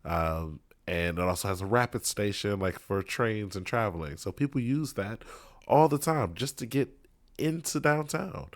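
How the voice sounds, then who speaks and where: A man's voice: fairly low pitch, lively intonation, moderate pace, no echo. A man in his thirties hosting a reaction video, talking casually in a rambling, jokey way with lots of fillers. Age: 30s.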